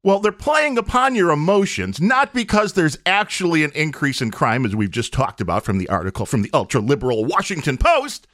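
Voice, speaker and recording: A man's voice: fairly high pitch, very animated, fairly quick, hardly any pauses, fairly bright tone, no room sound, studio quality. A man hosting his own podcast, arguing his opinions emphatically with rhetorical questions. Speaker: podcast host. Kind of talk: opinionated solo podcast monologue.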